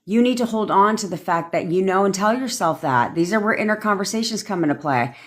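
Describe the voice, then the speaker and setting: A woman's voice: medium pitch, lively intonation, a little fast. A woman manifestation coach giving blunt, rambling advice on a live stream, swearing freely as she reads and answers viewer comments.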